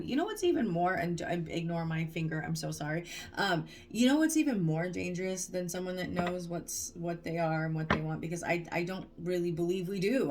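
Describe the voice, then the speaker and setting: A woman's voice: on the low side, slight background noise. A woman giving a casual, chatty tarot reading, rambling and digressing with lots of fillers and restarts. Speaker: tarot reader.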